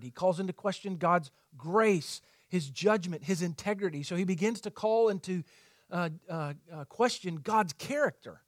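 Male preacher with a high voice, earnest teaching tone, dry close sound. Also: dry recording. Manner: earnest teaching tone, frequent fillers and rhetorical questions. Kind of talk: sermon.

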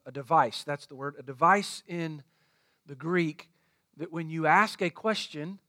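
A man preaches from the pulpit, pressing each point home by saying it again. His voice sits high for a man, and the sound is close and completely dry. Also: a bit bright, no echo. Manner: emphatic, repeats points for stress. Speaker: pastor. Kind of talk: sermon.

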